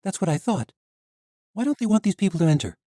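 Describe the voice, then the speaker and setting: A man's voice: high-pitched, very animated, fast talker, warm tone, no echo, clean studio sound, voice pushed up. A man voicing a bold, determined young heroine who speaks with defiance. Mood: defiant.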